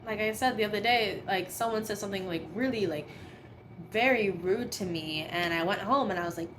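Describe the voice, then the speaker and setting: A woman's voice: medium pitch, brisk, a bit bright, slight background noise. A young adult woman chatting casually as a podcast guest, laughing often and full of fillers. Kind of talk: casual chat.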